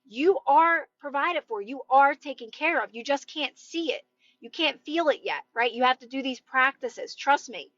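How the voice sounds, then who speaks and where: Woman, high voice, loud, emphatic, reassuring, live-stream coaching, dull phone audio. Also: expressive, normal speed, no room sound. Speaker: manifestation coach. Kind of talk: casual live-stream advice talk.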